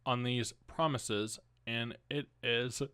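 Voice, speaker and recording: A man's voice: medium pitch, fairly even intonation, slow pace, sharp tone, a little hiss or hum. A young man hosting a podcast at home, reading news stories aloud and adding casual, rambling asides. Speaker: podcast host.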